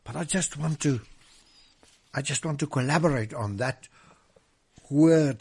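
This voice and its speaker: A man preaching a sermon, swinging from loud proclamation to hushed whispers and drawing out scripture verses emphatically. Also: medium pitch, husky. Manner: drawn-out emphatic reading of scripture.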